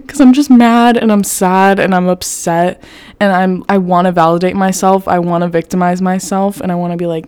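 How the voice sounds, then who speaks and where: Young woman, podcast host, low warm voice, blunt, swears a lot, casual self-help talk. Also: steady tone, normal speed, smooth, dry recording. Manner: candid, swears freely, fills with "like".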